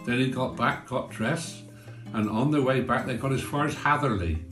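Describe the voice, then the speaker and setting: A man's voice: medium pitch, moderate pace, fairly bright tone. Folksy male storyteller. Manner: chatty, folksy. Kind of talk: comic village storytelling. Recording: roomy with faint guitar.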